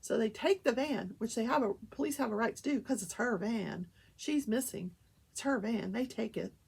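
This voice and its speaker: A woman's voice: fairly high pitch, normal speed, vocal fry, darkish tone, breathy edge. An older woman hosting a casual talk show, telling a story animatedly and acting out the quoted voices.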